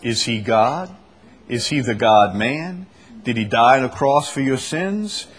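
A husky-voiced man preaches to a small church group, hammering his points with repetition. He fires off rhetorical questions, building up to each point. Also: mid-range voice, lively intonation, a little slow. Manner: emphatic, repeats key phrases, asks rhetorical questions. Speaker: pastor leading a Bible study. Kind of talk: preaching Bible study.

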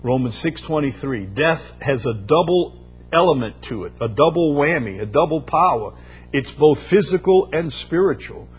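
A man's voice: mid-range voice, expressive, normal speed, husky. A man preaching a sermon, building emphasis through repeated phrases and rising bursts. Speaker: pastor.

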